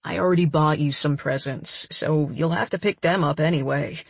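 A confident, generous man, put on by a woman reading aloud speaks in a calm, low, playfully insistent way. His tone is slightly husky and sits on the lower side. The sound is close and dry, with no room around it. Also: moderate pace, no room sound, full character voice. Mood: teasing.

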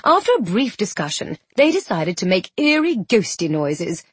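A woman narrating a storybook with expressive, playful storytelling. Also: medium pitch, normal speed, breathy edge, dry recording. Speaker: audiobook narrator. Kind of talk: scripted narration.

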